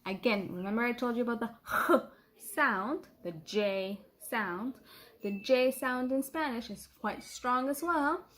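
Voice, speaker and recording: Brief: middle-aged woman, children's teacher, slow, patient drilling, slightly high voice, playful. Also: a bit bright. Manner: slow, repeats words for pupils to copy; playful, laughs at herself. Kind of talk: children's language lesson.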